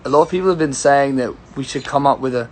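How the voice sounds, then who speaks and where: A man's voice: medium pitch, quick pace, a little hiss or hum. Easygoing young man chatting. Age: young adult. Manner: rambling and easygoing, greeting viewers by name. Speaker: singer-songwriter. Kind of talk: casual livestream chat answering viewer questions. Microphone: phone livestream.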